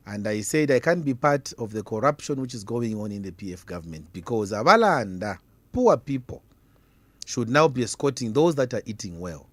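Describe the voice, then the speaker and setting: A man's voice: medium pitch, big pitch swings, a little fast, dry recording. A man with a Zambian accent, an opposition politician arguing hard as a guest in a radio debate, hammering his points with repeated questions. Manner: combative, repeats questions for emphasis.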